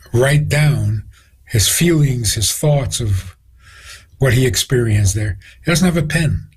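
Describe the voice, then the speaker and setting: A man's voice: medium pitch, a little mellow, slightly rough, poor audio. A rabbi, a man, tells stories with quoted dialogue as a guest on a radio interview. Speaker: rabbi answering questions as a guest.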